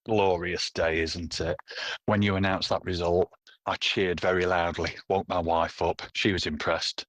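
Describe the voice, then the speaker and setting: Deep-voiced caller on a voice note. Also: male voice, fairly even intonation, a little slow, a bit bright, dry recording. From Nottingham, England. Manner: jubilant, chatty. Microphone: phone voice note.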